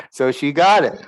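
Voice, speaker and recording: In a storytelling lecture, a male spiritual teacher speaks loosely, filling his lesson with fillers and little chuckles. His pitch is fairly high, and the recording is dry.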